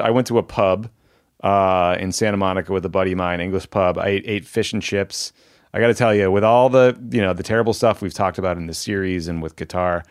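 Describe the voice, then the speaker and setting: A man hosting a casual podcast, talking in a relaxed, easygoing way and quick to approve. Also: low voice. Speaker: podcast host.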